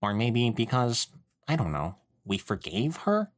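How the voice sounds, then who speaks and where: A man's voice: mid-range voice, sing-song, measured pace. A man voicing an incredulous teenage girl heroine in a fan fiction read-aloud, exasperated and questioning.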